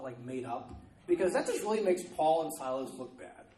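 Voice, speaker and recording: A preacher with a slightly high, mellow voice gives a sermon in a chatty, conversational way, with lively intonation. He often stops to check in, repeating "okay?" to his listeners. The mic sits a bit far off in an echoey church room, with a little hiss or hum.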